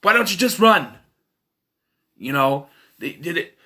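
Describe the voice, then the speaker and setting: A man's voice: on the high side, expressive, measured pace, bright, forceful tone. A man giving a casual, rambling film review, exasperated and swearing freely. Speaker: movie reviewer.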